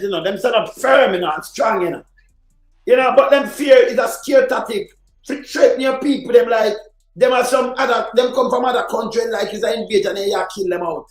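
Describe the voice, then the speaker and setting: Fired-up Jamaican man with a roomy echo. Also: very high voice. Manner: fired-up, sometimes shouting, mixes patois and English. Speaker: live-stream commentator. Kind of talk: heated political commentary on a live stream.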